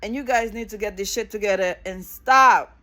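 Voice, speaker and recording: A woman's voice: mid-range voice, normal speed, fairly bright tone. A middle-aged woman vlogging an impassioned, angry political rant, repeating phrases for emphasis and swearing freely.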